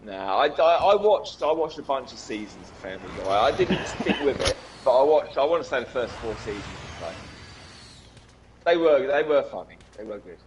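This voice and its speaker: A man's voice: medium pitch, big pitch swings, moderate pace, background noise. A young man chatting casually on a game stream, swearing and laughing through his stories. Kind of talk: casual chat.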